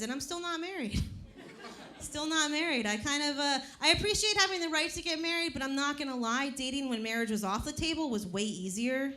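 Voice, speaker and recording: A woman in her thirties doing a profane stand-up comedy set on a club stage, telling punchy stories. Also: high voice. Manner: brash and profane, punchy storytelling. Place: comedy club stage before a laughing crowd. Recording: live club recording with faint crowd noise.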